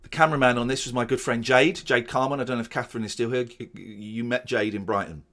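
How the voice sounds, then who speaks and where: A man chatting casually as host, commenting on his old show with excitable, animated asides. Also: medium pitch, quick pace, a little hiss or hum. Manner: excitable, animated, jumping into quoted voices.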